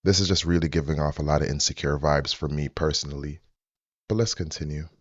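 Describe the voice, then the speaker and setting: A low-pitched man talks through his reaction to a clip in a slow, preachy, measured way. The sound is dry and close, with a slightly dull, muffled tone. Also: no room sound. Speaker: commentary host reacting to a clip. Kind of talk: casual reaction commentary.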